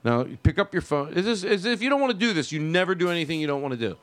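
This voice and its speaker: A male comedy podcast host who sets up an improv scene for his guest. His voice is slightly high and swings through a wide range, and he laughs often as he talks. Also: lively intonation, racing.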